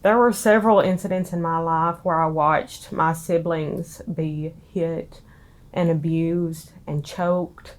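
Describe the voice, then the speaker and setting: A young woman, tearful and halting as she recounts her past in an interview. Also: sits low, fairly even intonation. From Tennessee. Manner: halting, with many ums. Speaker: interviewee, daughter of a street preacher.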